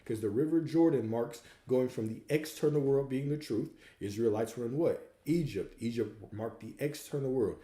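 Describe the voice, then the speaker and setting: A man's voice: medium pitch, moderate pace, few pauses, dark tone, echoey room. A man hosting a livestream Q&A, coaching viewers and hammering points home with repeated rhetorical questions. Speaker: host answering viewer questions.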